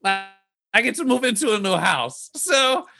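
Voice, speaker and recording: A man's voice: sits high, sing-song, moderate pace, creaky, pushed and bright, soft background music, pitched above the performer's own voice, full character voice. A man putting on a flamboyant vain noble heir. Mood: smug, airy.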